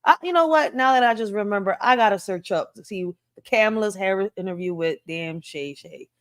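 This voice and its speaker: A woman's voice: medium pitch, a little fast, clean tone. A woman hosting a casual news reaction show, talking bluntly with swearing and laughing asides. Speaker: host.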